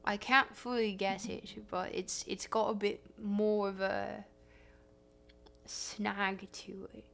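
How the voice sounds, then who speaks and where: A woman's voice: medium pitch, level tone, takes it slowly, vocal fry, a bit bright. A woman livestreaming, casually chatting with her viewers in a chatty, self-deprecating way. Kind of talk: casual stream chat.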